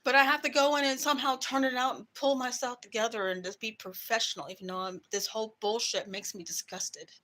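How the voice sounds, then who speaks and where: A woman's voice: on the high side, fairly even intonation, fairly quick, few pauses, bright, forceful tone. A woman vlogger ranting to camera in a heated, profane way about her work. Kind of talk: angry personal rant to camera.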